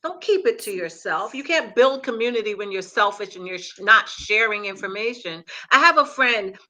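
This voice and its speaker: Bright, animated woman co-host. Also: medium pitch, moderate pace. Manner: animated, tells anecdotes and builds on others' points. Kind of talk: casual talk-show conversation.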